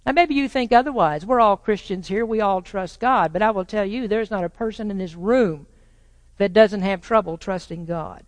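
A pastor preaching a sermon to a congregation, swinging between loud proclaiming and quiet, probing rhetorical questions. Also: mid-range voice, moderate pace. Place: church sanctuary with a congregation. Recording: long reverb of a large church hall.

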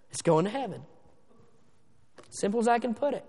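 Man preaching in church, really gravelly high voice, slows way down on the big words, big hall echo. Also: animated. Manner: emphatic, slows down for stress, swings between loud and hushed. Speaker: pastor. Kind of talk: sermon. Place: church sanctuary. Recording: long reverb of a church hall.

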